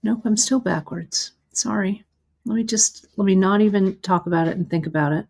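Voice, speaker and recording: A woman's voice: mid-range voice, moderate pace, creaky, a little mellow, slightly rough. A middle-aged woman demonstrating beadwork live, chatty and self-deprecating as she talks through her own mistakes while she works. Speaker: beading instructor.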